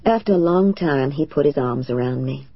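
A woman narrating a novel in the first person, in a measured and emotional way. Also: very deep voice, breathy edge, no echo, lo-fi sound. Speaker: audiobook narrator.

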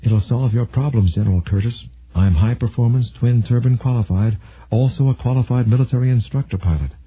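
A man voicing a confident female military pilot who talks in a brisk, matter-of-fact way, with a husky voice. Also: medium pitch, lightly acted. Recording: narrow phone-like sound.

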